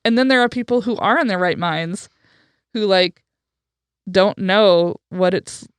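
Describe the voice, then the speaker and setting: Woman podcast host, frank chatty storyteller; smooth resonant tone, dry close sound. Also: medium pitch, a little slow, no echo. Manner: chatty, frank, with frequent fillers and profanity. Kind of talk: casual conversational storytelling.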